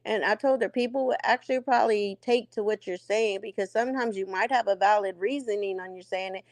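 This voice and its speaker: A woman's voice: medium pitch, fairly quick, no room sound. A woman in a casual chat, speaking, telling a long story and acting out past conversations. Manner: talks at length, acts out past conversations.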